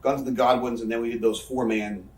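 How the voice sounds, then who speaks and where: A man's voice: medium pitch, level tone, fast, darkish tone, far from the mic. A man, telling rambling, profane backstage stories in a casual interview. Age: 30s. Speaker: interview guest, wrestler. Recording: echoey room, off-mic.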